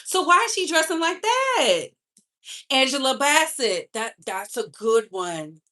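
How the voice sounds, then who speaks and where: A bright, sharp-toned woman talks celebrity gossip with a sassy, chatty delivery. Her voice sits a little high, and her carries the talk. She drags some words out slowly and rushes others. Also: very animated. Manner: chatty, sassy, speeds up and slows down for emphasis. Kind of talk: casual live-stream chat.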